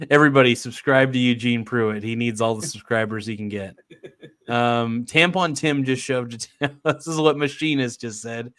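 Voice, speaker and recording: A man's voice: mid-range voice, measured pace, a bit bright, dry recording, clean studio sound. A man hosting a casual livestream, reading viewer comments aloud and laughing often. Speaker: livestream host.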